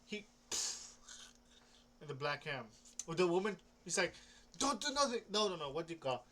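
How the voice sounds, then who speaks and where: A man's voice: fairly high pitch, fast talker, a bit bright. A young man rambling casually about comics, hesitant, restarting often and swearing offhandedly. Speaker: comic book vlogger.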